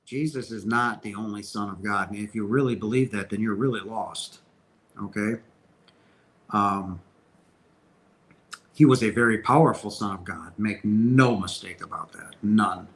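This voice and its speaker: A man with a lowish, somewhat bright voice speaks a little slowly, leaving long pauses, and the recording is rough. He is the host of a casual Q&A livestream, answering viewer questions earnestly and emphatically about spiritual matters while often restarting what he says.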